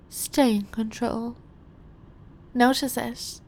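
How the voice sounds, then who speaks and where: A woman's voice: on the high side, takes it slowly, long pauses, darkish tone. A woman playing a seductive detainee who teases and commands an officer in erotic role-play narration. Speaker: erotic audio performer.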